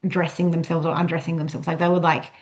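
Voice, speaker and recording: Low-voiced host on a dull line. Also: female voice, flat delivery, quick pace. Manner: affirming, short backchannels. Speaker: interview host. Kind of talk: casual interview chat.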